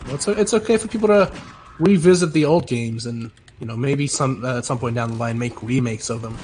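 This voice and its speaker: A man's voice: mid-range voice, darkish tone, slight background noise. A man chatting casually with friends, easygoing, chiming in with questions and agreement. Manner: easygoing, reacts with quick questions. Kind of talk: casual chat among friends.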